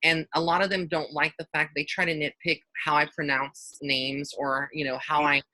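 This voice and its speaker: A man's voice: a little high, little pitch movement, moderate pace, pushed and bright, dry recording, poor audio. A man hosting a live video call as a psychic medium, talking casually and rambling with lots of fillers and restarts. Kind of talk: casual live-stream chat.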